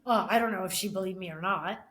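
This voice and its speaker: A middle-aged woman, a podcast guest, telling a personal story with many restarts and pauses, often emotional. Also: mid-range voice, fairly bright tone. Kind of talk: casual conversation.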